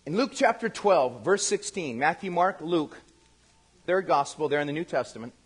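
A male pastor preaching a lively, conversational sermon, speaking directly to his congregation and acting out the voices he quotes. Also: on the high side, normal speed, husky. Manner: animated, acts out quoted voices.

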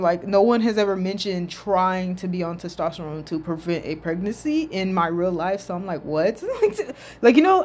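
A woman giving casual, animated reaction commentary as a video host, swearing and laughing often. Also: fairly low pitch, slight background noise.

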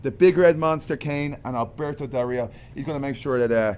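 A man's voice: medium pitch, fairly quick, a little mellow, clear, resonant tone. A man with an Irish accent, a wrestler guest, trading dry, teasing banter in a casual radio interview. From Ireland.

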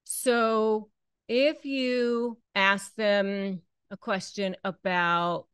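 A woman's voice: mid-range voice, steady tone, very slow, a bit bright, clean tone, no room sound. A woman hosting an advice talk, speaking conversationally and acting out bits of quoted dialogue. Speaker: host.

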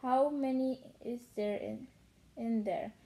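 A woman voicing a big, gentle male giant with mangled, soft-hearted speech in a storybook reading. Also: fairly high pitch, takes it slowly.

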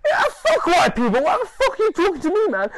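A man voicing a hostile, unhinged American male prisoner who swears, shouts threats and rants aggressively. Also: extremely high pitch, huge pitch swings, fast, noisy background, pitched above the performer's own voice, exaggerated voice. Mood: raging, threatening.

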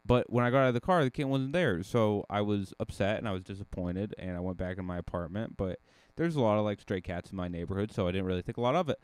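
A man hosting a casual solo podcast, telling a rambling story full of restarts and sudden rises in pitch. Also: fast talker, smooth, no echo. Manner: rambling, self-correcting storyteller with lively jumps in pitch. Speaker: podcast host.

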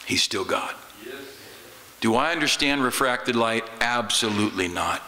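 A man's voice: medium pitch, expressive, normal speed, pushed and bright, in a large hall. A man with an American accent, a pastor preaching a folksy, humorous sermon in a church. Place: church sanctuary.

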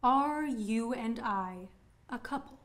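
An actress playing an indignant young actress on a film set who lectures a castmate in a pointed way. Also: female voice, a little high, unhurried, natural voice. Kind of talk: student film acting.

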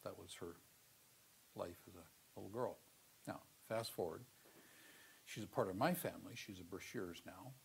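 Middle-aged male seminary lecturer, slightly low voice, earnest storyteller with sudden loud emphasis. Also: normal speed, gravelly, pauses often, a little hiss or hum. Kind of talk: classroom theology lecture with personal storytelling.

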